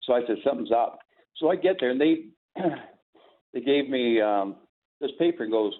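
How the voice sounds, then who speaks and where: A man's voice: medium pitch, lively intonation, moderate pace. An older man tells rambling stories and chuckles through them, acting out the lines of the people in them. His voice comes through a thin, tinny, phone-like line. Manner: chuckling, rambling anecdotes with quoted dialogue. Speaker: podcast guest, former sportscaster. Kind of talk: casual storytelling.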